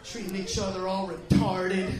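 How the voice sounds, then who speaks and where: A man with a very high voice rants through a profane stand-up set, dropping to mutters and then bursting into shouts. The sound is roomy and echoey, and the laughter of a live club crowd comes through beneath him, along with background noise. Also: flat delivery, moderate pace, distant mic. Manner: loud, profane, ranting, swings from quiet mutters to shouts. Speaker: stand-up comedian. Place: comedy club stage with a live audience.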